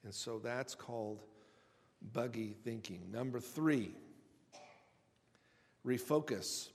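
A pastor delivering a sermon in a conversational way, stumbling over and repeating words and retelling stories with humor. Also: male voice, medium pitch, unhurried, vocal fry, a little mellow. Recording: long hall reverb.

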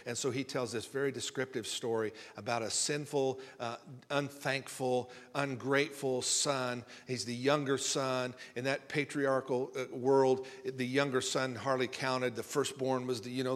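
A male pastor preaches in a folksy, storytelling way, circling back and repeating words as he builds a point. His voice sits at an ordinary middle pitch. It carries the long reverb of a church sanctuary. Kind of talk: conversational sermon with storytelling. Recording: reverberant hall sound.

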